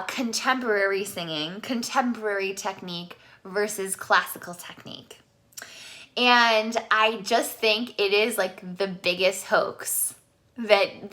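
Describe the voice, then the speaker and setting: A woman singing teacher giving a casual live vocal lesson, chatty and quick to laugh, with allergies. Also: a little high, pushed and bright. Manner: chatty, laughs often, switches between speaking and singing. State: allergies, sneezing.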